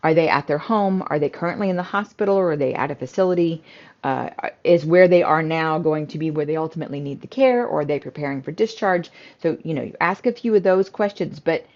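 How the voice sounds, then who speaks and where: A middle-aged woman who runs a home care business, teaching in a calm, conversational way with frequent fillers. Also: sits low, quick pace. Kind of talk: instructional talk to camera. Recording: slightly dull, lo-fi audio.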